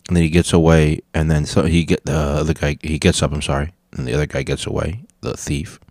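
A man hosting a podcast, reacting to clips in a relaxed, rambling way. His voice sits very low. The sound is dry, with no room on it. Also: brisk, creaky, slightly rough, dry recording. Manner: laid-back, profane, rambling. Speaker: podcast host. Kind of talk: casual reaction commentary.

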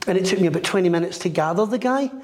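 A man's voice: sits high, rapid-fire. Middle-aged guy telling a story, does the voices, pretty echoey room. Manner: animated storyteller acting out quoted voices. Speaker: medium. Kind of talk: storytelling interview chat. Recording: echoey room with long reverb.

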